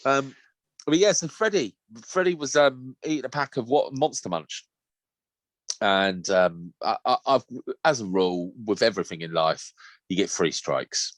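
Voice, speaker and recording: A man co-hosting a casual podcast, swearing freely and laughing through his stories. His voice sits fairly low but jumps around a lot. The sound is close and dry. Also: a little slow, no echo. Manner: sweary, laughing, animated storytelling. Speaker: podcast co-host. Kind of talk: casual chat.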